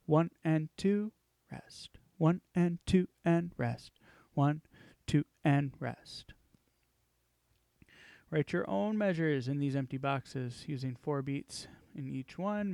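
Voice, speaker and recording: A man's voice: on the high side, vocal fry, a little mellow, no room sound. A male music teacher reading worksheet instructions aloud and counting beats as he walks through the exercises.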